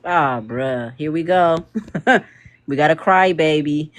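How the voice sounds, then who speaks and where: A man's voice: fairly high pitch, fairly bright tone. A man, hosting a podcast panel in loose, joking livestream banter. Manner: loose, joking, slangy, quick laughs.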